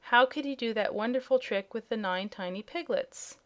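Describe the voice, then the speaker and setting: A woman's voice: fairly high pitch, normal speed, a bit bright, close to an everyday voice. A woman doing an earnest young boy. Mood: wondering. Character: thoughtful farm boy. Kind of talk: audiobook character voice.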